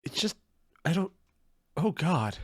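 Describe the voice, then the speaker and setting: A man's voice: fairly high pitch, takes it slowly, a little hiss or hum. A man hosting a reaction video, talking casually and sarcastically with rambling asides, self-mockery and frequent swearing. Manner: animated and sarcastic, swears freely.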